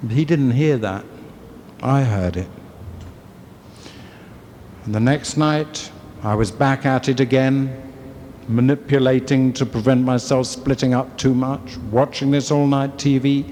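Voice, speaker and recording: An English man tells his recovery story in a wry, candid, storytelling way, at a middle pitch. The voice carries a long hall reverb with faint room ambience, like an old convention tape. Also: fairly even intonation, a little slow, pauses often, a little mellow, a little hiss or hum. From England. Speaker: convention speaker.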